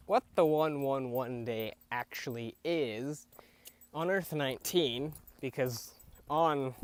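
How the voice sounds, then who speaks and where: A young man hosting a casual show where he recaps TV episodes, talking haltingly with many fillers and restarts, opinionated. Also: fairly high pitch. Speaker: podcast host reviewing TV episodes.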